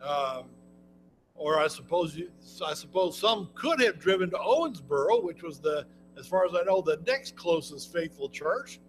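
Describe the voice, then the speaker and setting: A man's voice: a little high, animated, normal speed, faint music behind, low-quality recording. A man preaching a Bible lesson in a folksy, conversational way, often restarting his sentences. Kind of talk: sermon, Bible class teaching.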